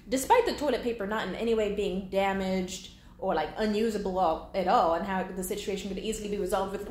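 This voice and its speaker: A woman's voice: medium pitch, fairly quick, few pauses, darkish tone. A 22-year-old woman venting bluntly and profanely in a candid monologue. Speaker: vlogger. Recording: echoey room with faint background hum.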